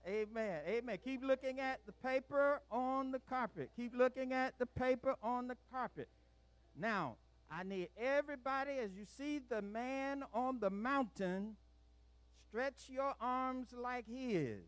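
A woman's voice: fairly high pitch, a little slow, dry recording. A woman leading children in church, coaxing them through call-and-response lines to repeat after her. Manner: coaxing, prompts the group to repeat. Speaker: children's worship leader.

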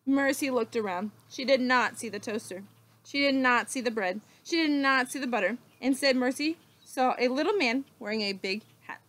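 A woman teacher reading a children's book aloud, slow and expressive with dramatic pauses. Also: high voice.

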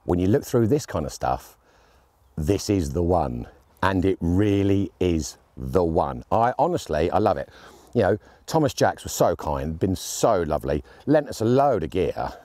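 Lively, mellow-voiced chatty man. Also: low-pitched, normal speed, no echo. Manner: chatty, jokey and enthusiastic. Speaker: airgun gear reviewer. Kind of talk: casual gear review. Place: outdoors on shooting land.

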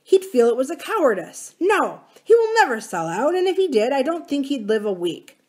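A woman reading aloud as an earnest grown brother who speaks quickly and tries to make peace. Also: high-pitched, big pitch swings, a little mellow, voice pushed up. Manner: quick and conciliatory.

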